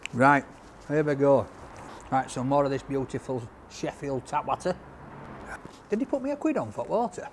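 A man's voice: on the high side, a little hiss or hum. A man doing a chatty, jokey takeaway review in a cold outdoor makeshift greenhouse. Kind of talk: casual food review.

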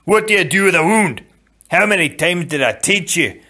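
A man voicing a stern, gruff fencing teacher in a storybook reading, barking and scolding. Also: high voice, expressive, normal speed, sharp tone, voice pushed up, full character voice.

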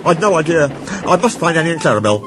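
A man's voice: a little high, sing-song, quick pace, over music, pitched above the performer's own voice. A man voicing a bustling, impatient male tank engine who blusters and hurries. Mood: flustered.

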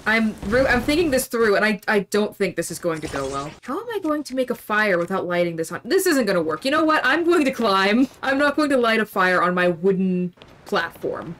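A woman's voice: mid-range voice, fairly bright tone, a little hiss or hum. A young woman streaming a video game, commenting casually in a playful, self-mocking way and talking to herself.

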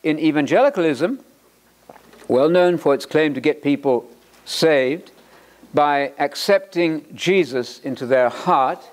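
Animated, joking male Bible lecturer. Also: a little high, unhurried. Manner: animated and joking, repeats words for emphasis, quotes authors aloud. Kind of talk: lecture-style sermon.

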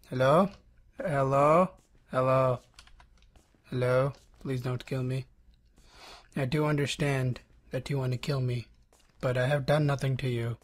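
A man nervously stammering and muttering through commentary on a horror game he is playing. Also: medium pitch.

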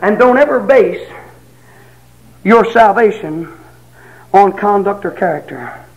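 A man preaching a sermon, telling folksy stories, acting out quotes and rising to shouts. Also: high-pitched, lively intonation, slow, muffled recording.

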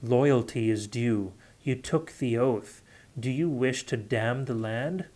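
A man's voice: medium pitch, slow pace. A man voicing a stern, commanding woman elder in an audiobook reading. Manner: sharp, commanding.

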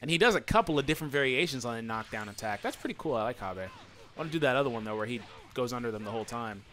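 A man doing let's play commentary, excitable and yelling taunts at his opponents over faint game music. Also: mid-range voice, rapid-fire. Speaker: gaming channel host.

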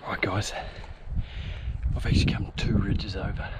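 A man's voice: fairly low pitch, monotone, normal speed, heavy background noise. A man with a New Zealand accent vlogging a hunting trip outdoors, chatting easily and talking to his dog. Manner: chatty, talks to his dog, laid-back slang. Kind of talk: outdoor vlog narration. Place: outdoors in mountain wilderness.

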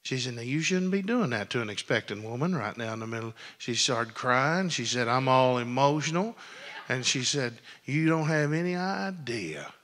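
A male pastor preaching a sermon, telling folksy stories that build into loud preaching. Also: mid-range voice, animated, moderate pace. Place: church sanctuary. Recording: long hall reverb.

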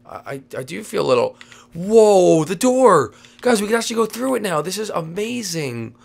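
A woman hosting a game role-play, leading her friends in an excitable, bossy way with sudden shouts. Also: deep voice, moderate pace, gravelly. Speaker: host.

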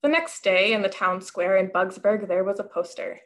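A woman telling a story for all ages in a worship service, narrating with wry, lively storybook timing. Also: medium pitch, normal speed.

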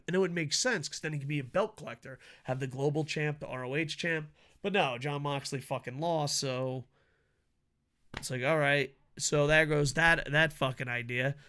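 Swearing and scoffing, a man who makes wrestling videos rants casually about an upcoming event, going from loud bursts to quiet muttering and back.

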